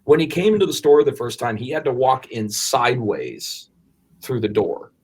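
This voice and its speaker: A man in his forties, co-hosting a podcast, telling a story in an animated, rambling way with restarts and casual swearing. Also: mid-range voice, normal speed, husky. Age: 40s. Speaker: podcast co-host.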